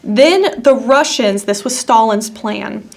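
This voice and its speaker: Woman podcast co-host, slightly high voice, sarcastic skeptic, chatty. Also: slow pace, gravelly. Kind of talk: casual chat.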